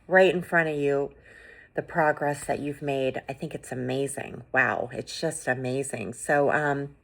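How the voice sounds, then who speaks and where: A middle-aged woman with a low voice hosts a gentle, encouraging podcast monologue. She talks earnestly and casually, leaning on "you know" and "like" as she goes. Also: fairly even intonation, a little slow, vocal fry. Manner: earnest, conversational, many fillers like "you know" and "like". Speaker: podcast host.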